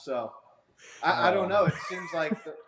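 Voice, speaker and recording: A man's voice: fairly high pitch, normal speed, fairly bright tone, slight background noise. A man hosting a casual sports podcast over a video call, rambling with fillers and restarts. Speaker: podcast host. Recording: echoey room sound.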